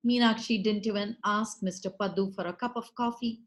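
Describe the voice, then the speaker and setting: A woman from India with an Indian English accent telling a story in an expressive, dramatic way. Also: medium pitch, a little fast, hardly any pauses. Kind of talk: storytelling performance.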